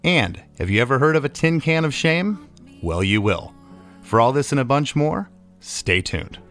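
A man's voice: medium pitch, lively intonation, normal speed, fairly bright tone. A man hosting a casual music podcast interview, friendly, repeating words and using many fillers. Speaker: podcast host.

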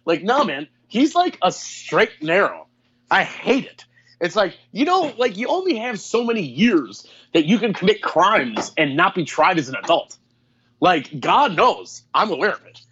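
Man, thirties, podcast co-host, profane animated storyteller, slightly high voice, muffled lo-fi sound. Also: moderate pace, slightly rough. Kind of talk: casual chat.

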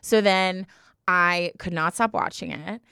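A woman's voice: lowish voice, creaky, pushed and bright, clear, resonant tone, no room sound, studio quality. A young woman co-hosting a podcast, telling stories in casual chat with dramatic, emotional flair. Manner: emotional, dramatic storytelling, quick to laughs and tears. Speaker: podcast co-host.

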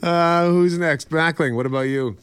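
A man's voice: a little high, moderate pace, fairly bright tone, smooth, dry recording, studio quality. A man hosting a radio panel show in a playful, joking way. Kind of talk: casual radio panel chat.

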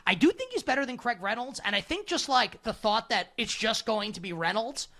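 A man hosting a sports betting podcast, talking fast and animated in casual chat, laughing often. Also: extremely high pitch.

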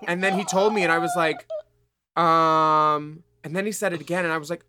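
A man's voice: a little high, steady tone, brisk, sharp tone, a little hiss or hum. A man co-hosting a podcast in casual chat, laughing often and acting out quoted conversations. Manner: chatty, laughing, acts out quoted dialogue. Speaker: podcast co-host.

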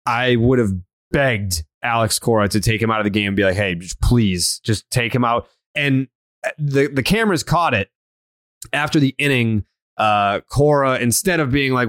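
A man's voice: mid-range voice, a bit bright, no echo, clean studio sound. A man hosting a casual sports podcast, blunt and swearing often, with many fillers and restarts. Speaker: podcast host.

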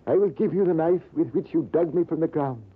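A man's voice: on the high side, fairly quick, husky, pitched above the performer's own voice. A radio actor voicing a dying old Persian man with a foreign accent, in a narrow old broadcast recording. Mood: solemn. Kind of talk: 1940s radio acting.

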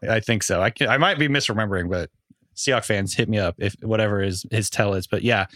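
A man co-hosting a casual sports podcast, explaining player news in a relaxed, chatty way. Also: fairly low pitch, fairly quick, dry recording, studio quality. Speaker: podcast co-host, fantasy analyst.

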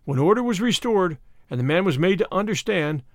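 Expressive male audiobook narrator. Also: high-pitched, a little fast, no room sound, studio quality.

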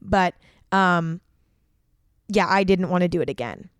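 A woman's voice: on the low side, animated, unhurried, smooth, dry recording, studio quality. A young woman hosting a podcast and telling a personal story in a casual, chatty way, packed with fillers and frequent swearing. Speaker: podcast host.

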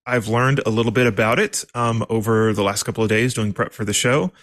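Measured male co-host, dry sound. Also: lowish voice, steady tone, fairly bright tone, dry recording. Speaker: podcast co-host. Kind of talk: casual interview chat.

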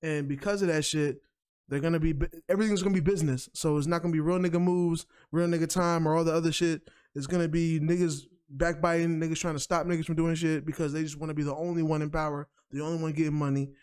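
A man co-hosting a podcast, sharing strong opinions in casual, animated talk. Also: a little high, fast talker, smooth. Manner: animated, opinionated, many restarts and fillers. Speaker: podcast co-host. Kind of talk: casual chat.

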